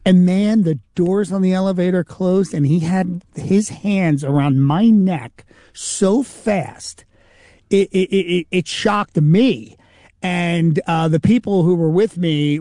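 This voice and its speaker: High-pitched and a little slow, a man speaks in a studio-quality recording without echo. He's a comedian and impersonator telling animated anecdotes in an interview, acting out the voices of the people in them.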